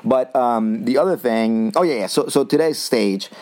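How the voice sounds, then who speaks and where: A man hosting a casual cycling talk, chatty and self-mocking, with many restarts and pauses. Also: medium pitch, darkish tone. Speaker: cycling podcast host. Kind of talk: casual chat.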